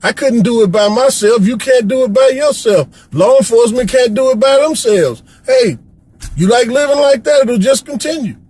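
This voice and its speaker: Middle-aged man from Chicago, high husky voice, preachy, pleading vlog rant. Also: expressive, normal speed, darkish tone, rough recording. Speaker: vlogger. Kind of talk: impassioned rant to camera. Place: Florida.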